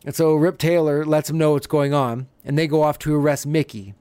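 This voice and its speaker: A man's voice: fairly high pitch, fairly even intonation, fairly quick, warm tone, clean tone, dry recording. A man hosting a podcast, casually recapping an episode and laughing often as he retells scenes. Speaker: podcast host.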